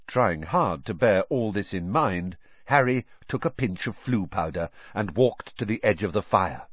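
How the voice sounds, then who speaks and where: A man narrating a storybook in an expressive, animated reading style, on a dull, dry recording. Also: on the low side, a little slow, hardly any pauses, husky, no room sound. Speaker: audiobook narrator.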